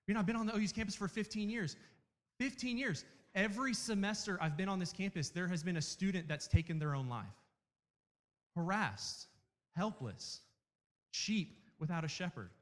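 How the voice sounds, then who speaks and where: A man in his thirties preaching a sermon, earnest and emphatic, repeating key phrases with dramatic pauses. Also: sits high, expressive, fairly bright tone. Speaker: campus minister preaching. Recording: reverberant hall.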